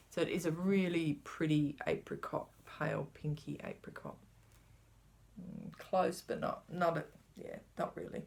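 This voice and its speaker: A woman with a deep, gravelly voice chats casually while showing off her cross-stitch supplies, rambling a little and sometimes dropping to a whisper. She sounds animated and speaks at a moderate pace.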